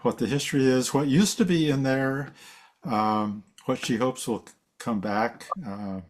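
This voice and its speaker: A man's voice: medium pitch, measured pace. A man giving a casual slide talk at a seminar, rambling and correcting himself as he goes. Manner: rambling, self-correcting, chuckles. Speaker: seminar presenter.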